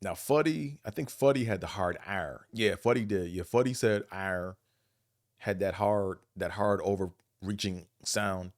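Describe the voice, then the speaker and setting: A man from Buffalo with a Buffalo accent, hosting a casual monologue vlog, rambling and animated, profane, often mimicking other people's accents. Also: low-pitched, unhurried, dry recording, clean studio sound. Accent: Buffalo, New York. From Buffalo, New York. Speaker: vlog host.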